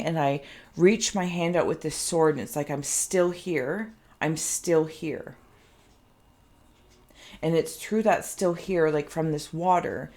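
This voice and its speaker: A woman reading cards in a reflective, wandering way, often pausing to search for the right word. Her voice sits low and carries a gravelly fry. Her throat sounds phlegmy. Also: darkish tone. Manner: meandering, searching for words, slow and reflective. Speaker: tarot card reader. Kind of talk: intuitive pick-a-card reading.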